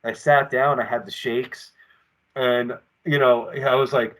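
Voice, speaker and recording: Male wrestler guest, mid-range voice, animated rambling storyteller, remote call from home. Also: medium pitch, a little slow. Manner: rambling and animated, acting out quotes. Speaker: professional wrestler, podcast guest. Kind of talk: casual storytelling in an interview. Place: home apartment with collectibles shelves.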